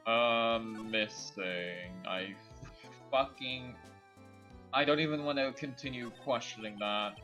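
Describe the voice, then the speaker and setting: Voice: medium pitch, slow pace, pushed and bright, highs cut off, faint music behind. A streamer chatting casually during a game with dry, wry asides.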